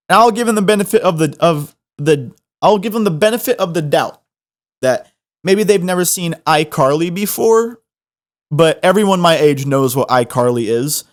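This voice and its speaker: A young man hosting a podcast, telling a funny story in an animated, self-mocking way. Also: a little high, measured pace, long pauses. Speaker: podcast host. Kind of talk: comedic storytelling.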